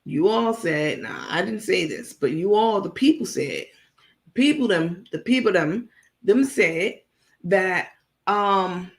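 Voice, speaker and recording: A woman's voice: on the low side, animated, slow pace, vocal fry. A woman hosting a livestream, talking bluntly and gossiping while reading out chat comments, with frequent fillers. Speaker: livestream host.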